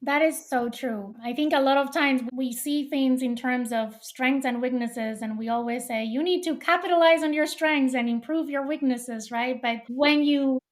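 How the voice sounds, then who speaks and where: High-voiced woman hosting a podcast. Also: moderate pace, hardly any pauses. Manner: affirming, reflective interviewer. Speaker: podcast host. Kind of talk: interview host and read ad.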